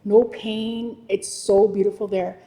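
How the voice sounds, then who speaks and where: Woman doing an eager small boy, high and earnest, mellow tone, long reverb. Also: level tone, slow. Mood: wistful.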